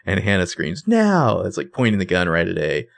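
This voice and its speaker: A man's voice: sits low, brisk, gravelly, fairly bright tone. A man co-hosting a podcast, animatedly retelling scenes and acting out the quotes in casual chat. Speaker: podcast co-host.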